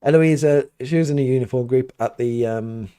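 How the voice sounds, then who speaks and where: A man's voice: medium pitch, normal speed, mellow. A middle-aged man, a priest hosting a live question-and-answer stream from his home studio, talks casually and rambles with many restarts and fillers.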